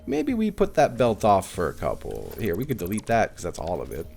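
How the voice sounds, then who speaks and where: A man's voice: lowish voice, wildly swooping pitch, brisk, creaky, darkish tone, soft background music. A man streaming a game live, chatting casually and animatedly with his viewers, swearing now and then. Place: at home.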